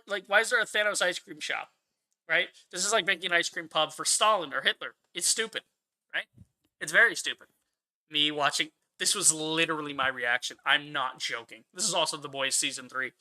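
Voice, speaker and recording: A man with a slightly high, bright voice and a forceful tone hosts his own channel. He delivers exasperated, profane movie commentary as a rant.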